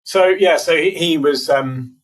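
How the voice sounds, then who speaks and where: A man with a British accent, a podcast guest explaining health topics casually, quick and full of fillers. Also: on the high side. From United Kingdom. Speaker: podcast guest, biohacking conference organizer. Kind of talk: casual interview answers.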